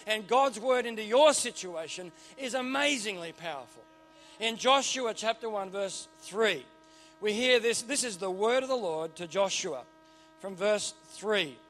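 A middle-aged Australian man preaching a sermon in a church, animated and joking with punchy repeated phrases. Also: high voice. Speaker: pastor.

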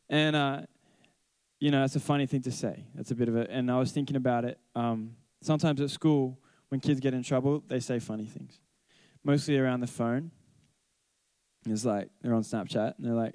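A man's voice: mid-range voice, brisk, a little mellow, no echo. A man who teaches, giving a casual Bible talk, rambling and correcting himself as he tells stories. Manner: rambling, self-correcting storyteller.

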